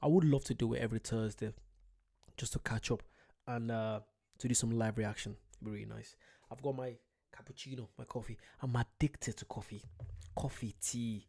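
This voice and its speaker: A man's voice: mid-range voice, steady tone, moderate pace, gravelly, mellow. A man from the UK, hosting his first live stream, chatting casually and greeting viewers by name. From United Kingdom. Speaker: channel host. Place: at home late at night.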